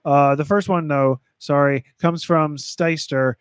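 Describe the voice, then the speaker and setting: Podcast co-host, male, high voice, reads lists and cracks jokes, trips over names. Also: expressive, unhurried, hardly any pauses, clean tone, no room sound. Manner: joking, stumbles over game titles. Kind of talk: casual podcast chat.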